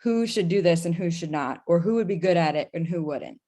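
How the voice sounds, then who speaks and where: A woman's voice: fairly low pitch, brisk, warm tone. A woman chatting casually in a group, direct and emphatic. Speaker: team member in a group chat.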